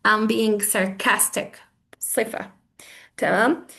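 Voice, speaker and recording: A woman's voice: mid-range voice, fairly even intonation, measured pace, creaky, fairly bright tone. A young woman teaches English on a video call, acting out example phrases in different tones and switching between English and as she explains them. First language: Arabic. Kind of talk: online language lesson.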